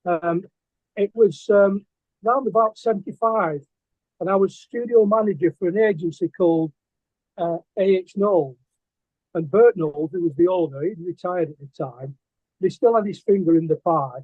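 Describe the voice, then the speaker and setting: An older man with a fairly high, husky voice, spinning loose anecdotes full of ums and restarts. The sound is dry and thin, as if it came over a phone line. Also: normal speed, dry recording. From England. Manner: rambling, hesitant, with many fillers and restarts. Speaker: guest artist and poet. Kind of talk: casual interview storytelling.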